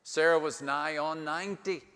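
A male pastor preaching a storytelling sermon with dry humor, dramatic pauses and swings from hushed to loud. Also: fairly high pitch, steady tone, clear, resonant tone. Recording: long hall reverb.

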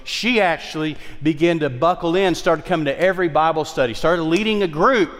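A man pastor with a Southern twang preaches with passion, his voice at a middle pitch. He rises into fired-up exhortation, then drops to a hushed storyteller's tone. The sound carries a long hall reverb. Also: a little fast, few pauses. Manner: impassioned, shifts between loud exhortation and hushed storytelling. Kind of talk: sermon. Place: church sanctuary.

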